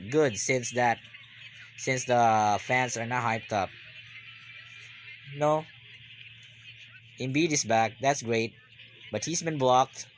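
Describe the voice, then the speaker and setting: Man, basketball reaction host, unhurried rambling talk, repeats himself, excited shouts. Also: mid-range voice, slight background noise. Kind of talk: live game reaction commentary.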